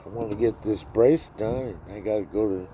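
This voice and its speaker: A man's voice: fairly low pitch, moderate pace, dark tone, a little hiss or hum. A man in his sixties talking bluntly and wearily in a rambling personal vlog, swearing freely. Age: 60s. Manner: blunt, profane, weary. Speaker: vlogger. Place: outdoors.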